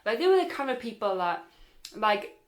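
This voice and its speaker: A woman's voice: fairly high pitch, normal speed. Chatty woman telling a story. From Wales. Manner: animated, acts out other people's lines in put-on voices. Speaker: storyteller vlogger. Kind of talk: casual storytelling.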